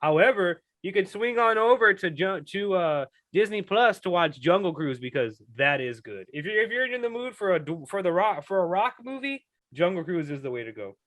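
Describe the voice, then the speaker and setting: A man's voice: high-pitched, very animated, normal speed, few pauses, fairly bright tone, dry recording. A man co-hosting a casual podcast, joking and ranting about movies with casual swearing. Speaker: podcast co-host. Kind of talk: casual chat.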